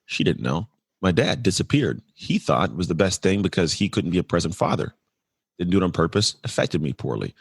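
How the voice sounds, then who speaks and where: A man's voice: low voice, very animated, gravelly, slightly rough, no echo, clean studio sound. A man in his forties from California, a podcast guest telling his life story in an earnest, reflective way. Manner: earnest, reflective, fast-flowing with restarts. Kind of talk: candid storytelling interview.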